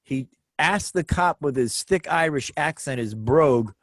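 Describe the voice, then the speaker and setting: A middle-aged man co-hosting a casual chat, telling family stories in an animated way and repeating words for emphasis. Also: a little high, unhurried, no room sound. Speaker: co-host.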